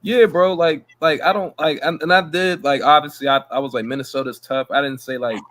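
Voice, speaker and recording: A man co-hosting a basketball podcast, talking in animated casual slang and laughing often. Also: fairly high pitch, a little fast. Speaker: podcast co-host. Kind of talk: casual sports chat.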